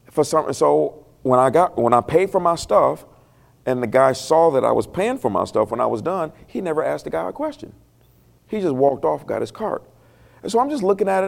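A male pastor with a heavily gravelly, creaky voice tells a story from the pulpit. He talks in a loose, conversational way, turns emotional and keeps asking the congregation questions. His pitch sits in an ordinary middle range for a man. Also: darkish tone. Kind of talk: storytelling sermon.

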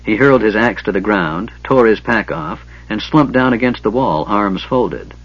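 Husky low-voiced male narrator. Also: moderate pace. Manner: steady, even storytelling. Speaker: audiobook narrator. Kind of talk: scripted narration. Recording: dull lo-fi recording.

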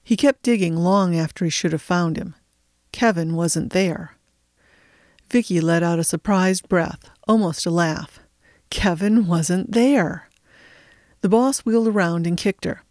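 A woman narrates an audiobook in a steady, measured way. Her voice sits fairly low, recorded close and dry with no room sound. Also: dry recording.

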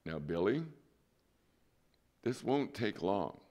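A man voicing a patient young father who speaks calmly in a quiet, low voice. He is quoting the father within a sermon. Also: slow, exaggerated voice. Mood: calm, soothing.

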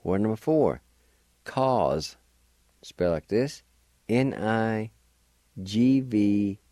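A man's voice: fairly low pitch, warm tone, no room sound. A man hosting a radio language lesson, spelling words out letter by letter and patiently encouraging listeners to practice. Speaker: radio language teacher and host.

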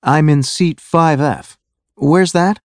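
A man voicing an older, short, gray-haired gentleman who speaks courteously and kindly. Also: on the high side, takes it slowly, dry recording, pitched above the performer's own voice. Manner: courteous, friendly.

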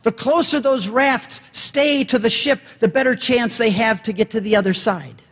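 A man giving an animated talk to a gathering, telling a story and acting out the dialogue with different voices. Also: very high-pitched, moderate pace, husky. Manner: dramatic, acts out dialogue with voices. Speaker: speaker and convert giving a talk. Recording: long hall reverb.

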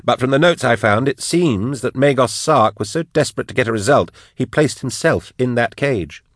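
A man's voice: medium pitch, animated, moderate pace, dry recording, clean studio sound, voice pushed up, natural voice. A man voicing a cold, matter-of-fact female investigator with a withering tone. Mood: cool.

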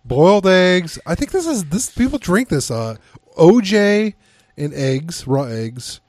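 A man's voice: sits high, sing-song, darkish tone, no room sound. A man from Washington state co-hosting a podcast, chatty and enthusiastic as he talks about a film. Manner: chatty, enthusiastic, quick to laugh. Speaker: podcast co-host. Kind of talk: casual chat about a film.

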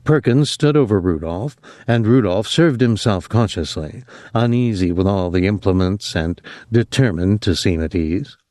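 A man narrating a novel in a measured, expressive storytelling manner. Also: lowish voice, dry recording, clean studio sound. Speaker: audiobook narrator.

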